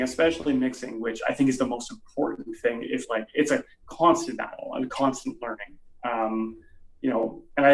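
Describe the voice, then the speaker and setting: A man who plays in a band, chatting in an interview, rambling with lots of fillers. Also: mid-range voice. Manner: rambling, animated, many fillers. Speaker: musician guest. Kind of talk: casual interview chat. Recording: roomy sound from off the mic.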